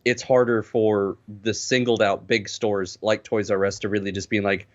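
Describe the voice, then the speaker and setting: Male podcast guest, lowish voice, halting and repetitive, dull lo-fi sound. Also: level tone. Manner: hesitant, repeats words. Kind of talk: casual podcast chat. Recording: muffled lo-fi sound.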